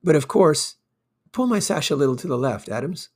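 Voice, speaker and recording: A man voicing a brisk, chatty stage actress who gives orders to her dresser while she talks. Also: fairly high pitch, animated.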